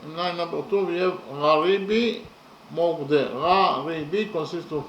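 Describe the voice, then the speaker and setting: A man explaining verse slowly and methodically, counting syllables and letters aloud with many pauses. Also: on the high side, a bit bright, echoey room, dull audio, a little hiss or hum. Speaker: poetry lecturer. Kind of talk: methodical spoken analysis of verse.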